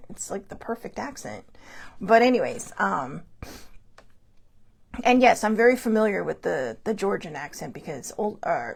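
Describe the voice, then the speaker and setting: A woman hosts her show and tells a personal story in a loose, rambling monologue. Her pitch swings widely as she talks, and she keeps restarting sentences and filling pauses as she goes. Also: vocal fry, husky. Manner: rambling, chatty, frequent fillers and restarts; animated, laughs between thoughts. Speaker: show host. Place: Hawaii show.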